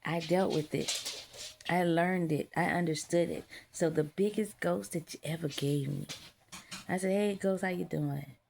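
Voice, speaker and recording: A woman's voice: on the low side, fairly even intonation, unhurried, gravelly, a little mellow, slight background noise. A woman delivering a defiant, profane spiritual monologue straight to her audience, hammering her points home. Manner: defiant, profane, emphatic ranting. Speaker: vlogger.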